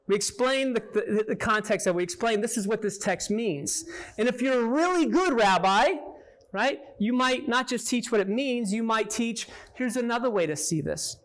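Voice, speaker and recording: A man with a rather high voice leads a Bible lesson for a small group. His talk is conversational and back-and-forth. He keeps checking in with his listeners and putting questions to them as he goes. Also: a bit bright. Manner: conversational, peppers points with "right?" and questions to listeners. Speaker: Bible teacher.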